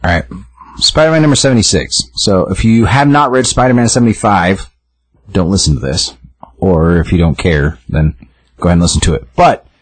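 A man's voice: low-pitched, slightly rough, no echo. A young man co-hosting a podcast, casually retelling a comic book story in a rambling way full of fillers and restarts. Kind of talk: casual chat, retelling a comic with quick voiced lines.

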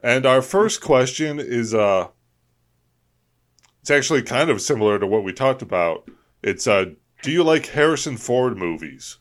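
Lively-voiced male radio host. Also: medium pitch, normal speed. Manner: reads segments and the call-in number, short reactions. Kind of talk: casual radio hosting.

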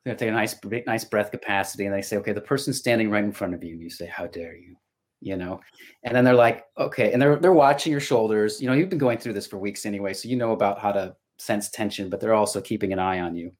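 A middle-aged man, a voice actor appearing as a podcast guest, talks casually in a fairly low voice at a quick pace. He's reflective and tells stories, often restarting his sentences.

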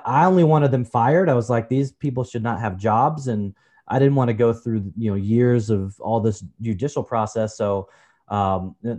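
A man's voice: medium pitch, dark tone. Casual man in his forties telling a story. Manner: casual, repeats "you know", calls the host brother. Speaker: podcast guest. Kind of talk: personal storytelling in a conversation.

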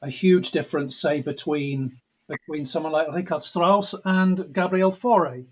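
A man's voice: a little high, measured pace, breathy edge. A middle-aged English composer answering interview questions in a reflective way, often restarting his sentences. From England. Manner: reflective, restarts sentences, mimics accents playfully. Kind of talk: thoughtful interview talk. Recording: dull lo-fi audio.

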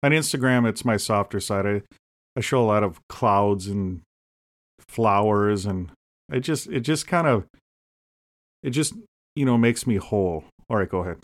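Deadpan joking man, low voice. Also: normal speed, long pauses. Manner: deadpan joking, rambling asides. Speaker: podcast co-host. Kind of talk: casual comedic chat.

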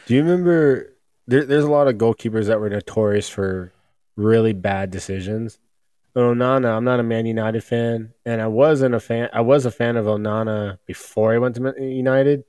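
A man's voice: mid-range voice, normal speed, warm tone, clean tone, dry recording. Rambling casual man, dry sound. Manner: rambling, many restarts and fillers. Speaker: podcast guest. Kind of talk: casual sports chat.

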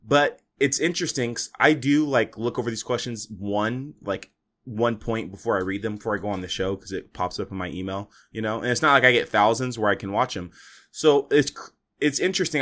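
A man's voice: on the low side, fairly bright tone. A young man hosting his own podcast, talking casually and motivationally, rambling with fillers and restarts. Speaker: podcast host. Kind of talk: solo podcast monologue.

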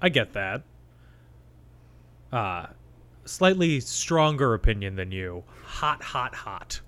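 A young man co-hosting a film podcast, reading out facts in a halting, relaxed way and chatting casually. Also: mid-range voice. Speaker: podcast co-host. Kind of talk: casual chat.

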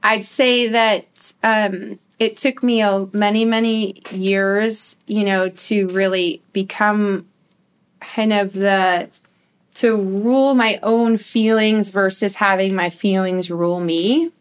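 A woman's voice: medium pitch, fairly even intonation, smooth. Reflective woman telling a story. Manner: reflective, halting, many restarts. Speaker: guest sharing a personal story. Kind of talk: casual heartfelt conversation.

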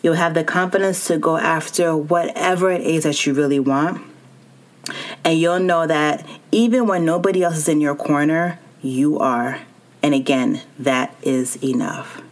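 Podcast host, female, low voice, encouraging solo talk to listeners. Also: unhurried. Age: adult with child and spouse. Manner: warm encouraging, speaks directly to listener.

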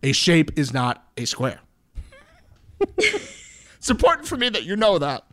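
A man's voice: fairly high pitch, huge pitch swings, unhurried, a bit bright. A man co-hosting a podcast, chatting casually, joking and swearing now and then. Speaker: podcast co-host. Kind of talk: casual chat.

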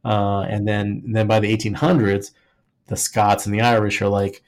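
A man's voice: fairly low pitch, little pitch movement, normal speed. A man co-hosting a podcast, rambling jokily through a history topic in casual chat, filling his talk with "like" and restarts. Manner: rambling and jokey, heavy use of "like", frequent restarts. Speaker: podcast co-host.

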